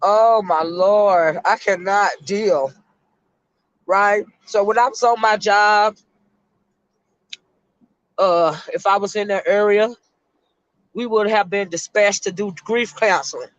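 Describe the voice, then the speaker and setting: A middle-aged woman, a retired school counselor, hosting an emotional live-stream chat and speaking haltingly to her viewers. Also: medium pitch, no echo, lo-fi sound. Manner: emotional, halting, repeats words while talking to her chat.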